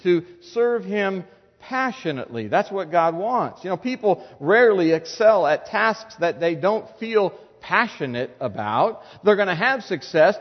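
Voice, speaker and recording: High-voiced man preaching in a reverberant hall. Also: highs cut off. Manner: earnest, emphatic preaching with rhetorical questions. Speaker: pastor. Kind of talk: sermon.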